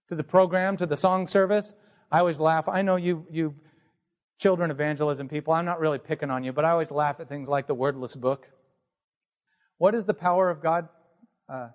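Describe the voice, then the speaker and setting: A man preaching a sermon from the pulpit in a church, teaching in an earnest tone and asking rhetorical questions. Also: a little high. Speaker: pastor. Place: church sanctuary.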